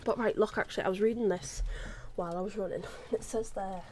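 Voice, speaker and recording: A woman's voice: mid-range voice, steady tone, fast, a little mellow, a little hiss or hum. A young woman chatting casually on a live stream, bubbly and rambling, with a sore throat. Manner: chatty, bubbly, drifts into whispers.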